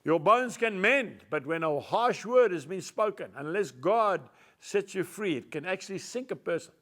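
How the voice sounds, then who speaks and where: High-voiced, loud, emphatic male preacher. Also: lively intonation, normal speed. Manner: emphatic and folksy, addresses listeners as folks. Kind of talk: devotional sermon with scripture reading.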